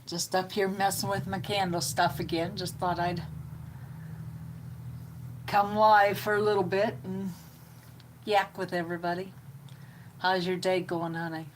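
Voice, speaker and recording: A middle-aged woman, hosting a live stream with slow, homey chatter and greeting viewers by name. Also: lowish voice, flat delivery, slight background noise. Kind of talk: casual live-stream chat.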